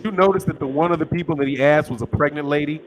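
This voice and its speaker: A man with a high voice talks boxing in a blunt, profane, incredulous way. Steady noise sits behind his voice. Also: rapid-fire. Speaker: boxing talk show co-host. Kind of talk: casual heated chat.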